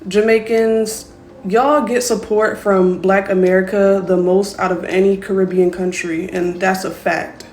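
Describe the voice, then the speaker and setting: A woman's voice: mid-range voice, fairly even intonation, a little slow, darkish tone, echoey room, faint music behind. A woman speaking earnestly and disapprovingly as a social media commenter.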